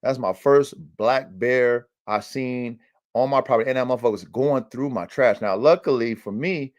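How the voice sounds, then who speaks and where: A man's voice: medium pitch, normal speed. Profane, slangy man hosting a podcast. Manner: profane, slangy and animated, with many fillers like "you know what I'm saying". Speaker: podcast host, dog breeder. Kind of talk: casual storytelling on a livestream podcast. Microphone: livestream mic.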